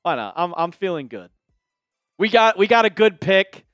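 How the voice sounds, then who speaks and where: Guy hosting a stream, really high voice, bouncy, jokey and chatty with viewers, faint music behind. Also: big pitch swings, normal speed, fairly bright tone, no room sound. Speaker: host. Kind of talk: casual livestream chat.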